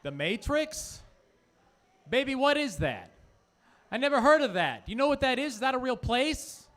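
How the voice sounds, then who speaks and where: A stand-up comedian voicing a loud, clueless man from New Jersey who has never seen a movie, with a put-on New Jersey accent and baffled questions. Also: very high voice, sing-song, moderate pace, pitched above the performer's own voice, heavily acted.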